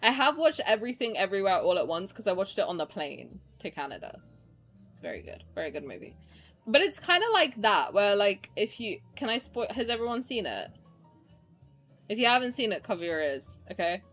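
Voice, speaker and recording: A young woman streamer excitedly commenting on a game playthrough, swearing and laughing often. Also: medium pitch, brisk, soft background music.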